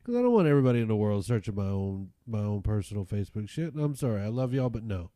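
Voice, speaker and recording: A man's voice: fairly low pitch, sing-song, fast, dark tone, dry recording, studio quality. A man hosting a podcast, teasing his co-host and cracking crude jokes in casual banter.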